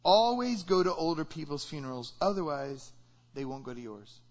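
A man's voice: on the high side, lively intonation, normal speed, highs cut off. A man preaching a sermon in a conversational way, asking the listeners rhetorical questions. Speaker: pastor.

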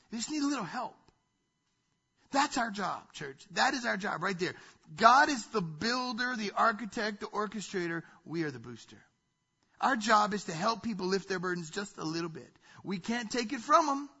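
A male pastor preaching with a bright, edgy tone and a slightly breathy voice. He talks emphatically, rising loud and dropping to quiet asides. The recording sounds a bit dull and lo-fi. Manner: emphatic preaching with big swings in pitch and volume. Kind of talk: sermon.

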